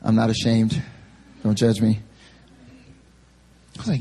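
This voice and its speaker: Husky, animated young male preacher. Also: on the low side, measured pace, long pauses. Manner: animated, self-deprecating storytelling. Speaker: pastor. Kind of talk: sermon with humorous personal story. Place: church service.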